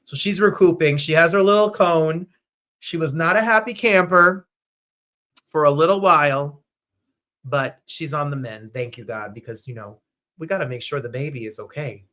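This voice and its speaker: A man hosting a live online show, chatting casually and animatedly, with sudden jumps to loud, high outbursts. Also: moderate pace. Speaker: host. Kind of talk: casual livestream chat.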